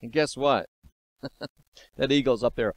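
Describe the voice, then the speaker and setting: A man's voice: mid-range voice, a little slow, no room sound. A man in his fifties giving an emphatic, repetitive spiritual monologue as host of his own channel. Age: 50s.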